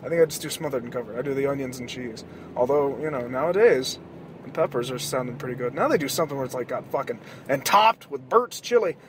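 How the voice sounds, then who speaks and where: A podcast host talking in a rambling, profane monologue while driving at night, with loud outbursts now and then. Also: male voice, medium pitch, quick pace, slight background noise. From American South. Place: car at night.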